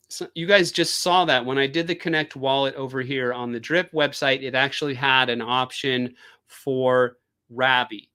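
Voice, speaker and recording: A man hosts a casual live stream, chatting at a middle pitch. He rambles and fills pauses with lots of fillers and restarts. He talks into a desk microphone. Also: fairly even intonation, sharp tone, smooth. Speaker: crypto live stream host.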